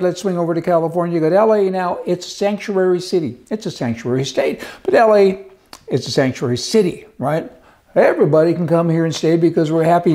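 Folksy joking man, raised mellow pitch. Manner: folksy, joking, sarcastic, acts out quotes in mock voices. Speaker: commentary host. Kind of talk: casual political commentary monologue.

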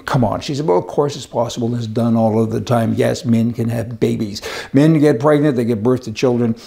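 A man's voice: mid-range voice, vocal fry, a little mellow. A man delivering a rambling, indignant opinion monologue with a sarcastic edge. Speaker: commentator.

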